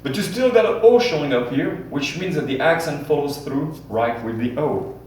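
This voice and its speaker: A man's voice: a little high, lively intonation, normal speed, a little mellow. A man teaching a Spanish grammar lesson at the board, repeating key points and drilling forms for students to repeat. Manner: repetitive, drills students with call-and-response. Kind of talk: classroom lesson at a whiteboard. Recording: very echoey room, distant mic, faint hum.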